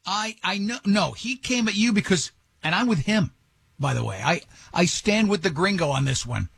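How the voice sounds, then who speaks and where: A male radio host chatting casually, teasing his guest and tripping over his own sentences. His voice sits high and a bit husky. The studio sound is dry and close. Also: animated, moderate pace, fairly bright tone, no room sound. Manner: rambling, self-interrupting, teasing.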